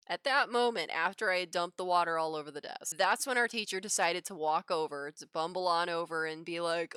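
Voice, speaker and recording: Animated, lively-toned woman streamer. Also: fairly low pitch, dry recording, clean studio sound. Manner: animated, laughs often between phrases. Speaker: livestreaming digital artist. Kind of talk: casual storytelling while drawing. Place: home drawing setup.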